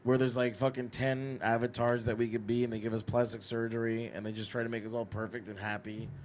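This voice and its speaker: A man talks in loose, profane podcast chat, heated and rambling. His voice sits at an ordinary middle pitch. A faint hiss sits under the recording. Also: fairly quick. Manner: profane, animated, slips into mock mobster voices. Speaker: podcast host. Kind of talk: casual chat.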